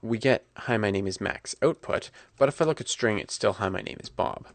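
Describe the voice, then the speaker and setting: A man talking through a coding tutorial at his computer, relaxed and correcting himself as he types. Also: on the low side, brisk, no room sound. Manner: relaxed, self-correcting, talks while typing. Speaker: programming instructor.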